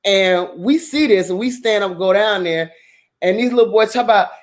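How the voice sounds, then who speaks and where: A woman, casually telling a story to her channel, profane and animated and often laughing. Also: medium pitch, moderate pace. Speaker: channel host.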